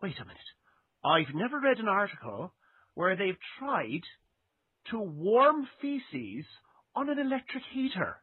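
A scheming Irish man muses aloud, pleased with his own bright idea, as a man puts him on. The voice sits high and swoops about with a husky edge. The sound is thin and phone-like. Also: sing-song, a little slow, no room sound, heavily acted.

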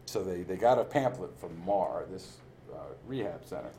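With a low, animated voice at normal speed, this man tells his recovery story openly, full of self-mocking humor and frequent laughter. Background noise is audible.

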